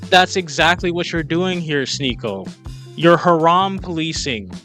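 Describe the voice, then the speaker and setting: A man with a fairly high voice talks back at video clips in a mocking, exasperated commentary. He keeps telling the person on screen to calm down. Faint music runs underneath. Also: measured pace. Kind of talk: opinion commentary.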